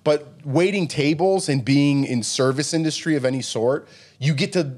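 A man's voice: fairly high pitch, moderate pace, slightly rough. A man co-hosting a casual podcast chat, ranting and acting out imagined exchanges, saying "you know what I mean" a lot. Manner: animated, rants and acts out imagined exchanges. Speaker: podcast co-host.

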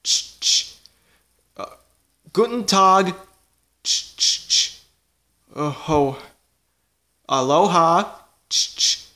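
A man voicing a boastful robot cat from the future in a plushie comedy video, talking in a slow, halting way and making clicking "ch ch" noises. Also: high-pitched, lively intonation, pushed and bright, heavily acted. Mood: showing off.

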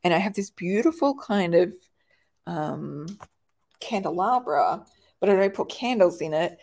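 Here a woman in her forties hosts a casual chat, answering viewer questions while laughing often and swearing now and then. Her lowish voice is expressive and darkish in tone, and she takes her time.

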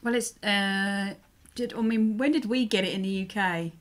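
A woman in her forties, co-hosting a casual podcast chat in a chatty, animated way with frank mild swearing. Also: mid-range voice, normal speed. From United Kingdom. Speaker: podcast co-host.

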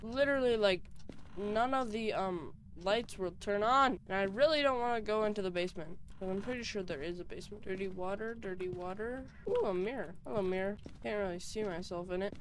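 A woman's voice: medium pitch, a little fast. A young woman giving nervous, chatty commentary while playing a horror game alone, with jumpy reactions. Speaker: gaming YouTuber.

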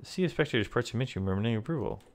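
A man's voice: mid-range voice, lively intonation, rapid-fire. A man playing a text adventure, reading the game text aloud and making wry asides to himself. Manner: reads game text and comments wryly to himself. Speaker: let's player.

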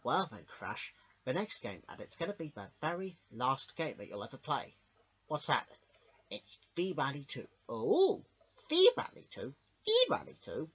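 A man's voice: mid-range voice, animated, moderate pace, sharp tone, husky. A man hosting a casual retro gaming video, easygoing and full of fillers. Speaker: channel host. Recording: dull lo-fi with game music.

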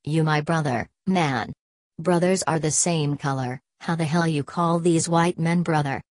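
A woman's voice: deep voice, a little slow, a little mellow, dry recording. A woman reading the lines of a stocky, fiery male street agitator who rants and pleads in clipped dialect. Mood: raging, pleading. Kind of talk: audiobook character voice.

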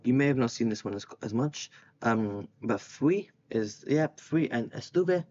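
Young male tutor, casual lesson, loose and unscripted with plenty of ums, average pitch, slightly dull lo-fi sound. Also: unhurried. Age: young adult. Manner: relaxed, thinks aloud with frequent ums while writing. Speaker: Spanish tutor.

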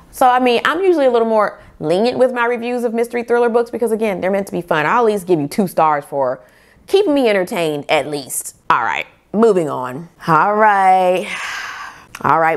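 Animated woman chatting about books. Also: mid-range voice. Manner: animated, opinionated, reacting with laughs. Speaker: book reviewer host. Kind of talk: casual vlog commentary.

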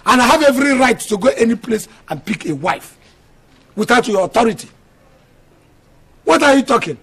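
A man playing a stern, exasperated Nigerian husband who lectures his quarrelling wives. His voice sits high for a man and has a husky edge. He sounds firm and scolding, like a film drama. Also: lively intonation, normal speed, fairly bright tone, exaggerated voice. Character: stern polygamous husband, middle-aged, exasperated.

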